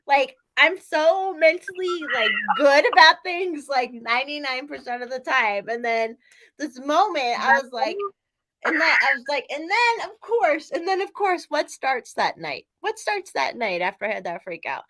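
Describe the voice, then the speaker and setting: A woman's voice: sits high, expressive, moderate pace, pushed and bright. A woman co-hosting a podcast in casual chat, a little tipsy, rambling with lots of "like" and frequent laughs. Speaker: podcast co-host.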